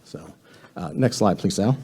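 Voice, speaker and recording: A man's voice: fairly low pitch, expressive, moderate pace, warm tone, slightly rough. A man presenting a government contracting training session to a room of attendees, speaking conversationally with frequent fillers and restarts.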